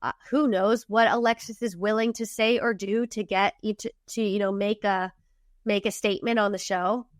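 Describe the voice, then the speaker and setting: A woman's voice: mid-range voice, steady tone, normal speed, no room sound, studio quality. A woman co-hosting a casual recap podcast, talking in an indignant, emphatic way. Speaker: podcast co-host.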